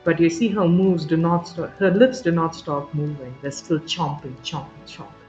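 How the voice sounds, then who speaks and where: A game master narrating a tabletop game with vivid, halting description, full of fillers and restarts. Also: mid-range voice, darkish tone. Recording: roomy, dull sound, faint music.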